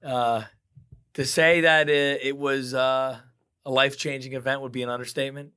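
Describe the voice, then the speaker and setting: A man with a hoarse voice teases his co-host through a casual betting chat. His tone is bright and forceful despite the strain, and his pitch sits mid-range. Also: flat delivery, brisk. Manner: sarcastic, teasing, rambling restarts. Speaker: podcast co-host.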